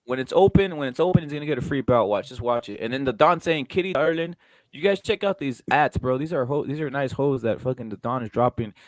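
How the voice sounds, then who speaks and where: A man's voice: medium pitch, animated, fast, hardly any pauses, dry recording. A man hosting a casual boxing chat stream, ranting with lots of swearing and repetition. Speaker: host.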